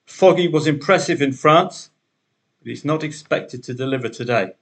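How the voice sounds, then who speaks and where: A man's voice: medium pitch, normal speed, fairly bright tone. A man hosting a solo betting podcast, talking through the day's matches in a chatty way with wry asides.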